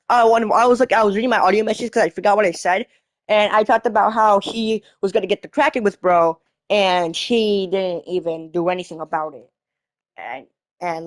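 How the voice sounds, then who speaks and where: A woman tells a story in a casual vlog rant, rambling, restarting her sentences and swearing as she goes. Her voice sits in a middle pitch, and the recording is dry and close, with no room sound. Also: no echo. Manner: rambling, restarting and swearing while retelling a chat argument. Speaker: vlogger.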